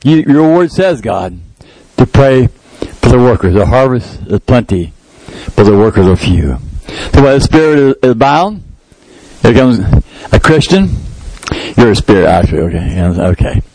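A man's voice: mid-range voice, sing-song, a little slow, mellow, no echo, rough recording. Middle-aged male pastor, mid-range voice, dry close sound, talky sermon with prayerful bursts. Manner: conversational preaching, rises to emphatic prayer. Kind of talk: sermon with live demonstration.

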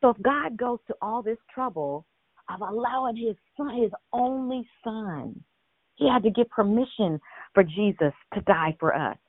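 A woman's voice: on the high side, lively intonation, moderate pace, no echo. A woman preaches over a conference call, speaking earnestly and directly with rhetorical questions and frequent restarts. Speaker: minister leading a prayer call. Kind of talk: conversational sermon on a call. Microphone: phone or conference call. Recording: tinny phone line.

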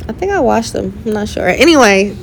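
A woman's voice: medium pitch, expressive, brisk, gravelly, a little hiss or hum. A woman co-hosting a casual travel podcast with her partner, chatty and laughing easily. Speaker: podcast co-host.

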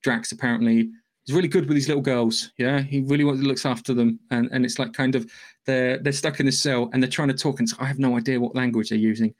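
A man talks through a film's story on a podcast, rambling and casual. He swears freely as he goes, and his voice sits at an ordinary middle pitch. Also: steady tone, fast talker. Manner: rambling, loose and profane storytelling. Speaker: podcast host. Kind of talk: casual podcast plot recap.

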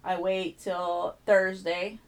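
A woman's voice: lowish voice, level tone, slow pace. A woman hosting a podcast, telling an exasperated, profanity-laced story in casual chat. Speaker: podcast host.

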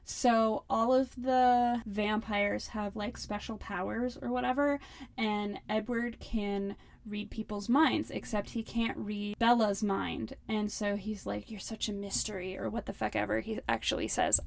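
A woman's voice: mid-range voice, steady tone, a little slow, creaky, no echo. A young adult woman hosting a comedic book-critique podcast, ranting sarcastically in a casual style full of "like" fillers and swearing. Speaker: podcast host.

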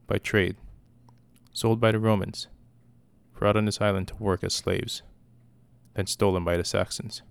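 A man voicing a stern, guarded middle-aged mother in exile, giving cold, clipped retorts in a gravelly voice. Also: on the low side, fairly even intonation, a little slow, pauses often.

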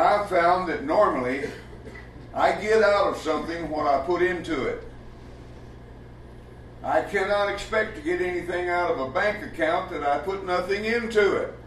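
A man's voice: fairly high pitch, fairly bright tone, slight background noise. A man preaching a sermon in a folksy, emphatic way, asking rhetorical questions in a church. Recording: echoey room with the mic far off.

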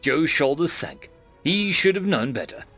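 A man's voice: fairly high pitch, very animated, unhurried, a bit bright, faint music behind. A man narrating a science fiction story in an audiobook style.

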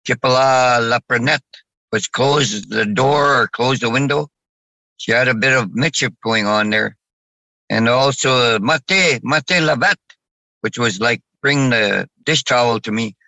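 Bright-voiced man speaking haltingly. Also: mid-range voice, no room sound, rough recording. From Saskatchewan, Canada. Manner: halting, with many restarts and fillers. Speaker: guest. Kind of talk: casual interview talk.

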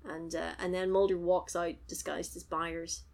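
A woman's voice: fairly low pitch, flat delivery, moderate pace, vocal fry, darkish tone. A woman co-hosting a podcast, casually recapping a TV episode, laughing often and acting out the characters' lines. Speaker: podcast co-host.

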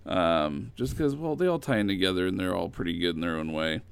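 A man casually retelling old comic stories in a rambling, animated way. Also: sits low, a little fast, creaky, smooth, no room sound. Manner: rambling, animated storytelling with fillers.

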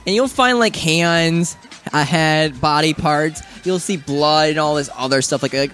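A man's voice: fairly high pitch, measured pace, fairly bright tone, faint music behind. A man co-hosting a casual podcast, rambling about video games and acting out his own reactions. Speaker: podcast co-host.

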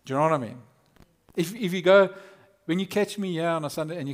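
Animated pastor preaching. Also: male voice, a little high, fast talker. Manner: animated, conversational preaching with acted-out quotes. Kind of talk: sermon.

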